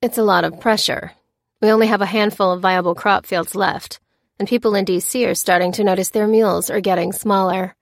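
A woman's voice: mid-range voice, fairly even intonation, a little fast, no echo, clean studio sound, lightly acted. A woman voicing a polite, somewhat hesitant female botanist and officer. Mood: earnest.

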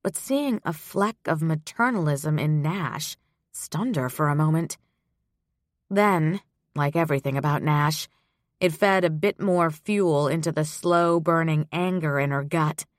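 A female audiobook narrator reads in a measured, even storytelling way. Her voice sits low and unhurried. The recording is close and dry, with no room sound. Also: no echo. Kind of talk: scripted narration.

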